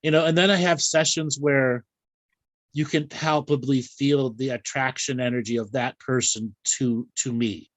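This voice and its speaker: A man's voice: medium pitch, steady tone, unhurried, no echo. A man hosting a casual live chat show, talking frankly and bawdily and laughing often. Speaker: host.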